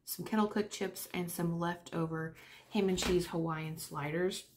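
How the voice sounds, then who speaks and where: A woman's voice: on the low side, fairly even intonation, measured pace, noisy background. Chatty young woman with a lilt. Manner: chatty, talks while eating. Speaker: vlogger. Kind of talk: casual chat.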